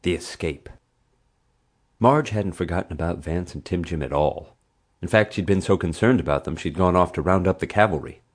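A man's voice: low-pitched, moderate pace. A man narrating a children's adventure audiobook in a dry storytelling manner. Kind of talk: scripted narration.

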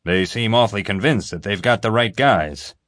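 A male narrator voicing a measured, understated police chief in an audiobook. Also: lowish voice, lively intonation, fairly bright tone, no room sound. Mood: skeptical. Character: calm, dry-witted male police chief.

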